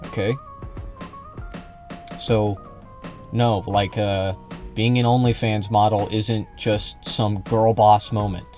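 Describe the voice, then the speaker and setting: A man speaks in a low voice at a very slow, drawn-out pace, sarcastic and halting. He reacts to a clip over faint background music. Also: flat delivery, darkish tone.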